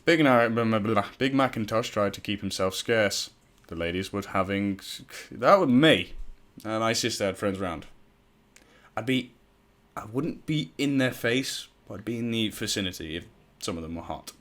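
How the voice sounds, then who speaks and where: A man's voice: lowish voice, animated, moderate pace, a bit bright. A man casually reading a fan story aloud, stumbling over words and breaking off into profane, self-mocking asides. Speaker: fan fiction reader.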